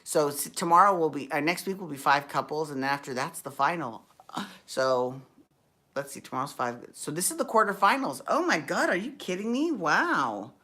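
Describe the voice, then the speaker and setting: A woman's voice: deep voice, very animated, moderate pace, sharp tone. A woman hosting a casual recap show, talking in a sassy, campy, gossipy way and often rambling and correcting herself.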